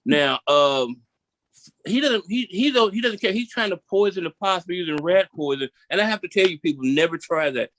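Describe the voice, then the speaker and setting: A man from Memphis, performing a seated stand-up comedy set in an animated storytelling style and repeating punchlines for emphasis. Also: high voice, normal speed, dry recording. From Memphis, Tennessee.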